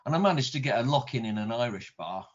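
A middle-aged British guest tells rambling anecdotes in easygoing conversation, repeating and stumbling over words with some mild swearing. His mid-range voice is animated, quick and a bit breathy, and the lo-fi recording sounds dull with a muffled top end.

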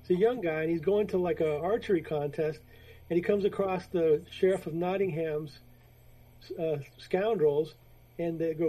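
Rambling high-voiced man chatting about comics. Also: a little fast, mellow, poor audio. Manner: rambling, retells stories with quoted voices. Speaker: podcast co-host. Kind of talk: casual chat about comics.

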